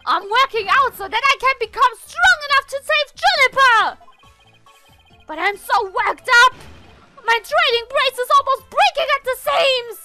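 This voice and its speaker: A woman voicing a loud, hyperactive young male art student who shouts every line. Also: extremely high pitch, lively intonation, measured pace, soft background music, voice pushed up, exaggerated voice. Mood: shouty.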